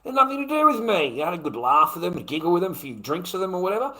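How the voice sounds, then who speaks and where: A middle-aged Australian man rambles through a foul-mouthed livestream monologue. His voice sits a little high and comes out bright and forceful, with a crude, meandering delivery peppered with "mate". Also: very animated, rapid-fire, rough recording. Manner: crude, profane, rambling, keeps tagging "mate".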